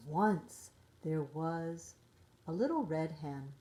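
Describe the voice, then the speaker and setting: Slow, expressive middle-aged woman reading a storybook. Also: low voice. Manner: gentle and expressive. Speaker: parent reading to children. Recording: roomy echo.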